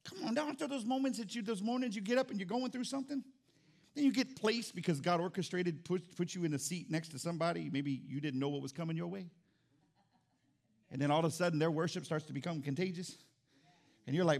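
A male pastor preaching an animated sermon in church, calling out to the congregation and acting out little scenes. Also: high voice, brisk, vocal fry. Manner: animated, acts out quotes, calls out to congregation.

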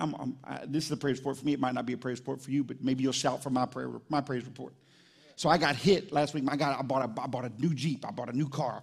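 A man, a pastor preaching a live sermon at a church service in an animated, conversational storytelling way. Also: mid-range voice, creaky, slightly rough.

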